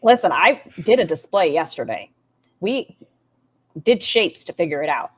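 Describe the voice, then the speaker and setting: A middle-aged woman reacting to clips on a stream, sarcastic and full of animated asides. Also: lowish voice, moderate pace. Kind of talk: casual commentary on clips.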